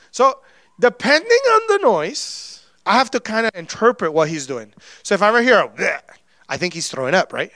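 Young male pastor, bright tense voice, dry close mic, high and animated. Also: no echo. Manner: animated, acts out sounds and quotes. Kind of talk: sermon.

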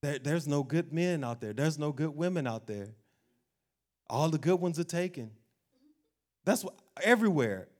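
A man preaches with lively energy, and his voice sits a little higher than most men's. He acts out the worried voices of doubters and laughs now and then. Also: moderate pace, pauses often. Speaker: pastor. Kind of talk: sermon.

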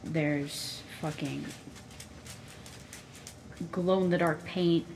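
A woman's voice: deep voice, fairly even intonation, extremely slow, gravelly, a little mellow, slight background noise. A young woman chatting casually in a crafting vlog while painting on her bed, rambling, profane and self-mocking, close to the mic. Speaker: vlogger.

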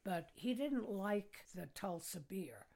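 A woman's voice: mid-range voice, lively intonation, slow, creaky, darkish tone. An older woman from the United States, a podcast guest, telling casual stories in a chatty way and laughing at her own anecdotes. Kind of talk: casual storytelling.

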